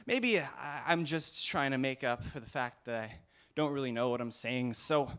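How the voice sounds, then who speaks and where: A man's voice: medium pitch, lively intonation, normal speed, sharp tone, clear, resonant tone. A man performing a comic spoken-word poem at a slam, with a rhythmic, punning delivery and playful jabs. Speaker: slam poet. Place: university event hall.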